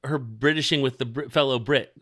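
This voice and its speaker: A man with a bright, forceful voice chats loosely on a podcast. He rambles and leans on fillers, with a pitch sitting in the middle of the male range. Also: brisk. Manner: chatty, rambling, filler-heavy. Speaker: podcast co-host. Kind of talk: casual chat recapping a TV episode.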